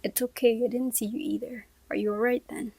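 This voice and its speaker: A woman's voice: on the high side, flat delivery, brisk, dark tone, slightly rough, no room sound. A woman voicing a polite, slightly dazed English teenage boy with an English accent, in a storybook reading. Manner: apologetic, polite.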